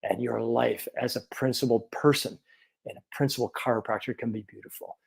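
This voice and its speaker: A chiropractor in his fifties telling a personal story in an animated, earnest way. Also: medium pitch, brisk, gravelly, husky. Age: 50s.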